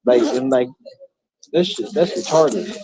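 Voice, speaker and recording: A man's voice: mid-range voice, lively intonation, unhurried, crowd noise, low-quality recording. A man vlogging in casual chat, rambling and swearing a lot and often restarting his sentences.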